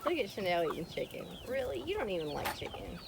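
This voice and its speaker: A woman's voice: medium pitch, sing-song, fast, vocal fry. A woman chatting casually in a farm vlog, talking to and teasing her animals. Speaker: farm vlogger. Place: outdoor farmyard with chickens and goats. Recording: noisy outdoor farmyard, clucking chickens. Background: chickens clucking.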